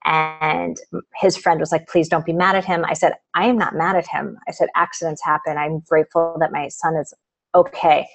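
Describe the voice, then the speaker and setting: A woman's voice: low-pitched, level tone, moderate pace, creaky, rough recording. A middle-aged woman, an author guest in a live video interview, telling a personal story with lots of quoted dialogue.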